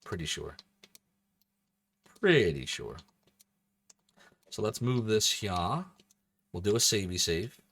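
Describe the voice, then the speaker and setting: A man's voice: lowish voice, big pitch swings, slow, pauses often, a bit bright, no room sound. A man casually commentating as he streams a video game, thinking aloud and joking as he plays. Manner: chatty, thinks aloud, jokey.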